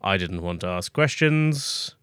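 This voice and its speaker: A man voicing a burly, hearty boss with a booming laugh, speaking slowly. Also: expressive, a bit bright, clean tone, no echo, clean studio sound. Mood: stern.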